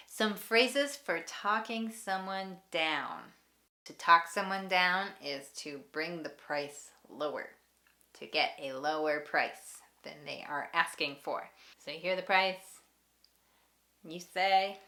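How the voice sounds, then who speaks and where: A woman teaching English at a slow, deliberate pace, repeating each example phrase so learners can follow. Her voice is bright and slightly low-pitched, with a crisp edge. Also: expressive. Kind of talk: ESL lesson.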